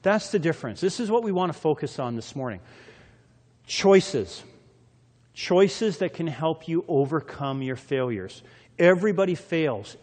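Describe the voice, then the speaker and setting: Expressive male preacher in an echoey hall. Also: on the high side. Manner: dramatic scripture reading with lots of shifts in loudness. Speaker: pastor. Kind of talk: sermon.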